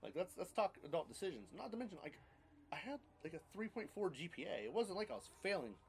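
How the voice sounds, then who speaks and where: A man's voice: high-pitched, very animated, quick pace, slight background noise. A man in his thirties casually telling his life story on a podcast, rambling and blunt, with casual swearing.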